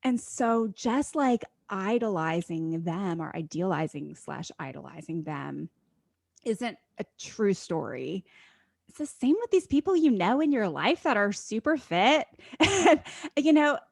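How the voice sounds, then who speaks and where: A woman's voice: medium pitch, sing-song, a little slow, vocal fry, no echo. A woman in her forties hosting a podcast, talking earnestly and encouragingly, with frequent affirmations. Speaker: podcast host. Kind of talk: casual podcast interview.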